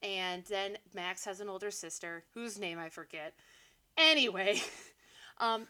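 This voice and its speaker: A woman's voice: mid-range voice, unhurried, bright, forceful tone, clear, resonant tone. A young woman co-hosting a podcast, animatedly recapping a movie with sarcastic asides and frequent laughs. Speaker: podcast co-host. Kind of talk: casual movie recap chat.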